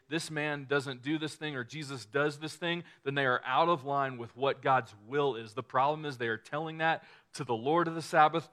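A man's voice: mid-range voice, pushed and bright. A man preaching a sermon in a casual, conversational way, often restarting phrases and acting out quoted lines.

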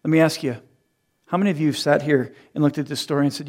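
A man's voice: fairly high pitch, steady tone, fast talker, a little mellow. A man in his thirties preaching a sermon, who acts out quoted voices and laughs at his own jokes. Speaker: pastor.

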